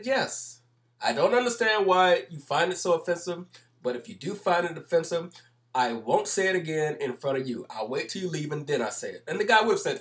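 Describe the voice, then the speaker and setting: A man commenting over video clips, explaining at length in an emphatic manner and repeating his points. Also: on the high side.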